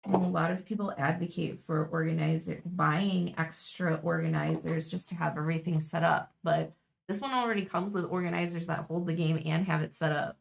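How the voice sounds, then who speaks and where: A young woman chatting through a live-stream board game unboxing, thinking aloud and laughing softly as she goes. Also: deep voice, fairly even intonation, brisk, creaky, slight background noise.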